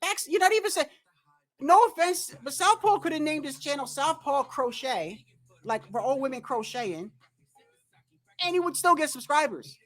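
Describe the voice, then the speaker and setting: A man's voice: very high voice, animated, normal speed, a bit bright. A man telling a rambling, profane story on a casual livestream about boxing. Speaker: boxing commentary streamer.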